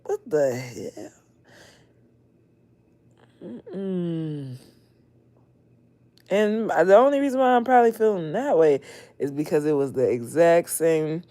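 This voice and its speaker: A mother hosting a casual late-night livestream, expressive and laughing often, swinging between loud outbursts and hushed talk. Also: lowish voice, unhurried, pauses often, dry recording. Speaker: livestream host.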